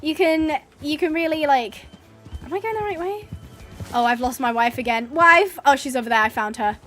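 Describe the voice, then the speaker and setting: A woman's voice: high-pitched, moderate pace, faint music behind. A woman chatting casually and laughing while playing a horse game as a streamer. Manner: chatty, giggly, rambling. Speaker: gaming streamer.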